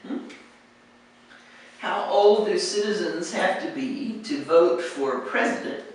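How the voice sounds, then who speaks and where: A woman's voice: on the low side, expressive, slow pace. An American woman teaching pronunciation, patiently repeating words for her students to echo. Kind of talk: patient drill-based pronunciation lesson. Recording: echoey room, distant mic, faint ambience.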